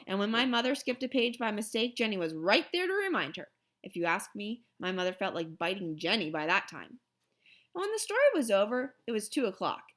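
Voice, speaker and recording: A woman reading a children's novel aloud in an expressive storytelling manner. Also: fairly high pitch. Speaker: reader.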